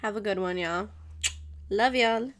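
A woman's voice: mid-range voice, a little slow, fairly bright tone. A woman hosting her own show, chatting casually and rambling, laughing often and switching into Spanish now and then. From Mexican family. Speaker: podcast host. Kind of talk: casual solo chat.

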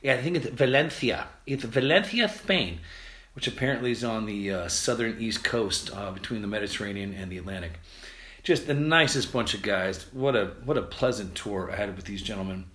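An American man hosting a podcast, talking casually and quickly, rambling with restarts and fillers. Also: lowish voice, bright, forceful tone. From United States. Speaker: podcast host. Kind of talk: casual solo podcast monologue. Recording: roomy echo.

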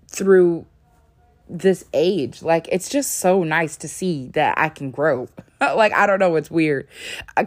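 A young woman vlogging to her viewers in a casual, rambling way, full of fillers, sleepy and yawning. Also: deep voice. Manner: chatty, rambling, lots of "like" fillers. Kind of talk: casual talk to camera.

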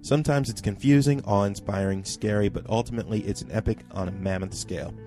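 Mellow-voiced man reading a listener email. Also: lowish voice, fast talker, faint music behind. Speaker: podcast co-host. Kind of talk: reading a listener email aloud, then casual chat.

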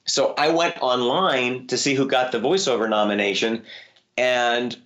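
A man who is a voice actor tells stories about his career in a relaxed interview. His voice sits in a middle register and jumps high when he gets excited. The audio is a little dull and lo-fi. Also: measured pace. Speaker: voice actor guest. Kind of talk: interview conversation.

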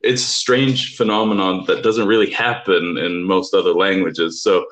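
A man whose first language is Swedish, co-hosting a podcast in a relaxed way and laughing along. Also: low voice, moderate pace. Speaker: podcast co-host. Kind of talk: casual podcast chat. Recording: roomy echo.

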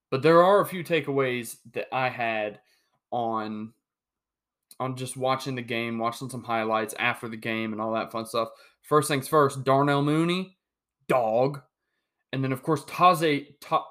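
A man's voice: medium pitch, slow pace. Chatty young man hosting a sports podcast. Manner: animated, joking, with many restarts. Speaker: podcast host. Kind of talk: solo sports podcast monologue.

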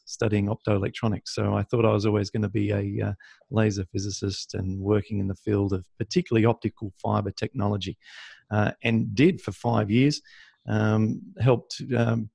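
A man's voice: on the low side, creaky, a little mellow, no echo, studio quality. An Australian man as a podcast guest, telling his story casually with many ums and uhs. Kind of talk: casual interview.

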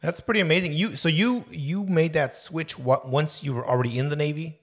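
A man's voice: fairly high pitch, fairly quick. Man hosting a casual interview. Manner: friendly, rambling questions. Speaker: podcast host.

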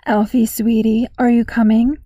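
A woman voicing a bossy, popular teenage girl with a slow, commanding drawl. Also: a little high, little pitch movement, warm tone, no room sound, studio quality, lightly acted.

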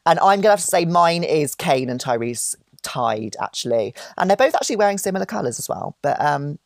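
A man chats on a podcast in a gossipy, camp manner with playful asides. His voice sits dry and close, with no room sound. He keeps an easy, unhurried flow. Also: on the high side, very animated, creaky, dry recording. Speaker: podcast co-host. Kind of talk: casual chat.

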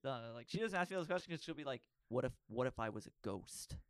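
A young man hosting a casual podcast chat, animated and prone to repeating his words as he starts a thought. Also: mid-range voice, fast talker, smooth, no room sound, clean studio sound. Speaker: podcast host. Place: podcast studio.

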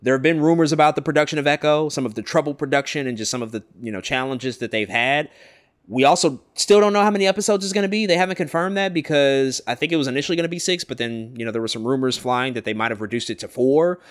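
A man co-hosting a pop culture podcast, talking through entertainment news in a casual, analytical way. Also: mid-range voice. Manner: brisk, analytical, rambling asides. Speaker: podcast co-host.

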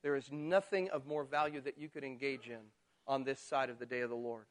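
A man preaching a sermon who moves from quiet asides to loud, slowed-down build-ups, and acts out people's excuses in mocking voices. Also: mid-range voice, steady tone.

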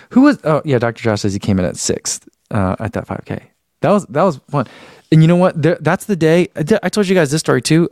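A man hosting a casual live stream, rambling and laughing at himself as he reads out viewer comments. His voice has a gravelly, creaky edge and sits at an ordinary pitch. The sound is dry and close, with no room echo. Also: darkish tone. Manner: rambling, self-deprecating, laughs often.

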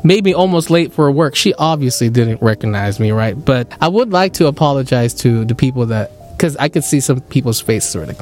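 Animated Filipino-accented man telling a story. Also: brisk, few pauses, faint music behind. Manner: animated, swings into high excited voices for quoted lines. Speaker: podcast host. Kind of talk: casual storytelling chat.

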